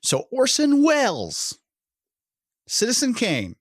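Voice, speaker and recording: A man's voice: very high-pitched, huge pitch swings, slow pace, no room sound, clean studio sound. A man co-hosting a film podcast, rambling and profane, with restarts and laughs. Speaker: podcast co-host. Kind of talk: casual film podcast chat.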